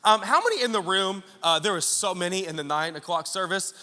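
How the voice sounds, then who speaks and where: A male pastor delivers a sermon in a church hall, trading jokes with his congregation as he tells stories. His voice sits high and rings very bright and sharp. Long reverb trails each phrase through the room. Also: expressive, a little fast. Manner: joking, storytelling preacher addressing congregation.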